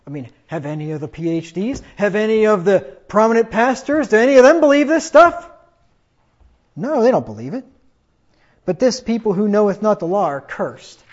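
A man's voice: high voice, big pitch swings, normal speed, darkish tone, muffled recording. A man preaching a fiery sermon, reading scripture aloud and mocking his opponents in put-on voices. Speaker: pastor.

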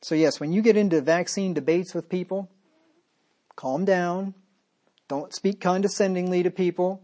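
A man's voice: high-pitched, steady tone, moderate pace, warm tone. Emphatic male pastor preaching. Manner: emphatic, rhetorical questions to the listeners. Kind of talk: sermon.

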